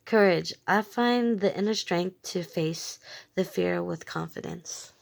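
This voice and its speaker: Speaking a little slowly in a lowish voice with vocal fry, a woman reads tarot for her viewers in a casual way. She's blunt and emphatic, swears freely, and keeps repeating short phrases.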